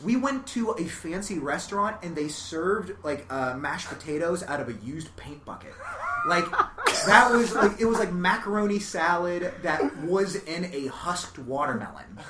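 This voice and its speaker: A man, a comedian guest on a podcast, telling rambling, animated stories in a casual chat, saying "like" constantly. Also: high-pitched, moderate pace, very noisy. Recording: echoey room.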